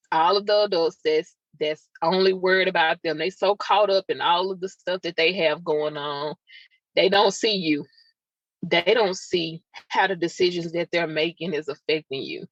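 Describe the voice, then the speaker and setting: In a voice on the low side, a woman hosting a podcast shares a raw, emotional personal story, confiding and chatting aside to her listeners. The recording is dull, lo-fi and dry.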